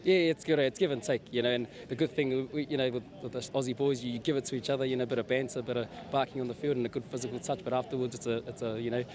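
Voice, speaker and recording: New male captain, monotone and fast, clear crowd behind him. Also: medium pitch. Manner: earnest, halting, many fillers. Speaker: team captain. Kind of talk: post-match interview. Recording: outdoors with crowd noise.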